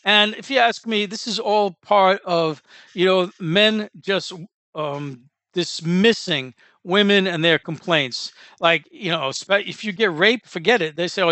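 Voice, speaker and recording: A man's voice: high voice, bright, forceful tone, no echo. A man hosting a casual commentary show, talking in a sardonic, rambling way with fillers and sarcastic asides.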